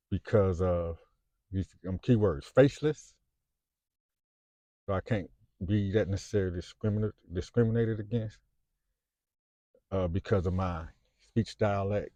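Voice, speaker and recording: This vlogger's voice is deep and mellow, captured in a dry recording. In his fifties and speaking with a Chicago accent, he rambles to camera off the cuff, with many fillers and restarts.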